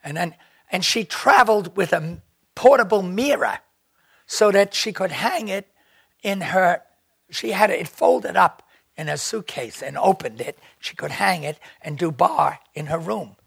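An older man tells stories in an interview with a gravelly, husky voice that sits fairly high for a man. He rambles into tangents and mimics the people he quotes. The sound is close and dry, with no room around it. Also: unhurried, no room sound. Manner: animated, acts out quoted voices; digressive, rambling. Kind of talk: storytelling anecdote.

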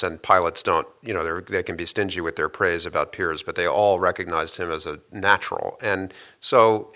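Brief: low, bright-edged male guest voice; measured, hesitant storyteller in a long interview. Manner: measured storytelling with frequent "uh" and restarts. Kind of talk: long explanatory interview answers.

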